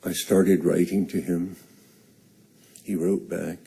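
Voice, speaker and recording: An older man slowly telling a personal story on stage, halting and earnest. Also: low voice, little pitch movement, creaky, mellow, husky.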